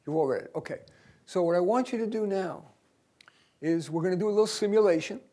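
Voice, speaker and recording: A man's voice: high-pitched, fast talker. Emphatic older man leading a seminar. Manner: emphatic, conversational, swings from soft to loud. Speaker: career coach leading a seminar. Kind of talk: lively seminar talk. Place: university auditorium.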